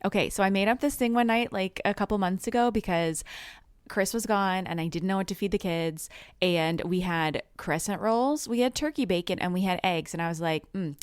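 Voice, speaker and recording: Woman, podcast co-host, casual chat, laughs often, calm advice, smooth resonant voice, dry close sound. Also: lowish voice, normal speed, dry recording.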